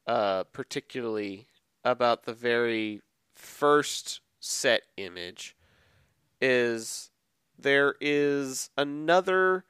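A man co-hosting a podcast in casual chat, measured and thoughtful with some hesitations. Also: medium pitch, a bit bright, clean tone, no echo. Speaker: podcast co-host.

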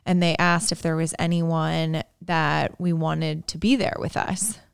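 A woman in her thirties co-hosting a podcast, telling stories in a chatty, animated way. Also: low voice, measured pace, creaky, clear, resonant tone, no echo, clean studio sound. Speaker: podcast co-host. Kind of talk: casual chat.

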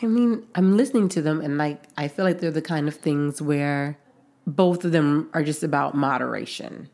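Deep gravelly-voiced woman co-host. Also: a little mellow. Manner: affirming, quick to agree and laugh. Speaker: podcast co-host. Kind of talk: casual chat.

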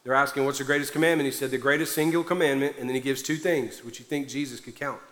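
A male pastor preaching a sermon with loud, fervent emphasis to a congregation, a little out of breath. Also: medium pitch, fairly even intonation, quick pace. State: somewhat out of breath. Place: large church hall before a congregation. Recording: long hall reverb.

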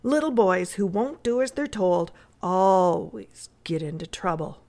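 A woman's voice: mid-range voice, lively intonation, unhurried, darkish tone. A woman voicing a stern mother who scolds her son. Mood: scolding.

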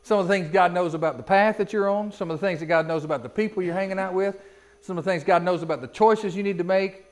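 High-voiced pastor preaching. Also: male voice, fast. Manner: folksy preaching with rhetorical questions. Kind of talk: sermon.

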